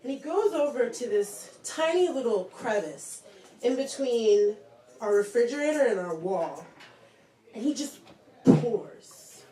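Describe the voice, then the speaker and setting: A woman's voice: medium pitch, warm tone. A young woman telling a story on stage, chatty and laughing as she goes. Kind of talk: live storytelling. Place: small bar performance room. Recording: echoey room, distant mic.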